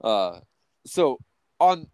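A podcast co-host tells stories in a casual chat, profane and rambling, full of restarts and "or whatever, right." His clear, resonant voice moves in big pitch swings at an extremely slow pace, leaping much higher and louder to quote people. There is no room sound.

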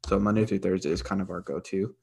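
A man co-hosting a podcast in a relaxed, rambling casual chat. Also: deep voice, fast, creaky, husky. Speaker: podcast co-host.

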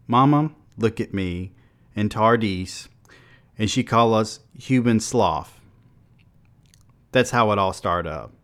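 A man's voice: on the low side, slow, long pauses. A man voicing a defiant nineteen-year-old drifter. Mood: numb, violent. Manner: blunt, flat, street-dialect storytelling. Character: angry troubled nineteen-year-old man narrating his violent dream.

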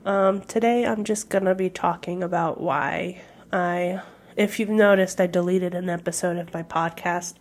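A woman's voice: fairly low pitch, steady tone, normal speed. A young woman hosting her own podcast in casual solo talk, hesitant and candid, with many fillers. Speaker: podcast host.

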